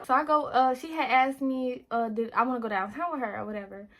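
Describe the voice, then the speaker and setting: A young lifestyle vlogger tells a personal story while getting ready, chatting in a relaxed way with a slightly high voice and a slightly fast pace. Her testimony is animated, full of restarts, and she calls out to viewers as "y'all." The recording is rough, with a faint crowd in the background.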